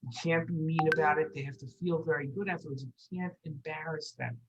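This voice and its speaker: A children's Torah teacher telling a lesson story, gentle and repeating words for emphasis. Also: medium pitch, fairly even intonation, brisk, lo-fi sound.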